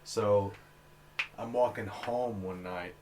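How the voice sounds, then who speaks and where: A man's voice: fairly low pitch, steady tone, slow, noisy background. Laid-back man from Alabama. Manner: laid-back storyteller, swears freely. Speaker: podcast co-host. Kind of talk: casual storytelling.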